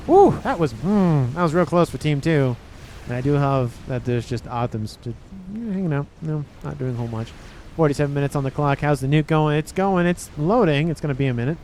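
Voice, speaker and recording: A man casting a real-time strategy match, excitable and talking straight to the players. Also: a little high, slight background noise. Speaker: game caster. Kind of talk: strategy game commentary.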